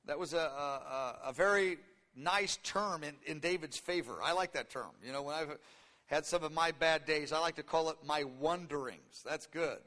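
A man in his fifties preaching a sermon in an animated way, acting out voices in the story with sudden leaps in pitch. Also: normal speed, in a large hall. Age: 50s.

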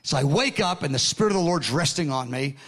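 A man in his sixties preaching a sermon, telling stories in an excited, earnest way with frequent restarts. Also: on the high side, fast. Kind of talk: sermon storytelling.

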